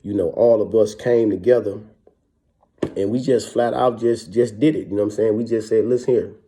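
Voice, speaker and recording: A man's voice: fairly low pitch, fairly even intonation, moderate pace, background noise. A man from Wisconsin, a former prisoner, telling his story in casual, profane street talk and keeps asking "you know what I'm saying".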